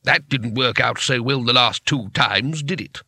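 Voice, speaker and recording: A man's voice: medium pitch, unhurried, bright, forceful tone, husky, dry recording, exaggerated voice. A man reading an audiobook, voicing a fussy, indignant male wizard who sneers and sputters.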